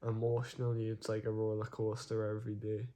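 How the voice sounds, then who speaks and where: A man talking haltingly in a personal video diary from his own room, often searching for words. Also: lowish voice, completely flat delivery, warm tone. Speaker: vlogger.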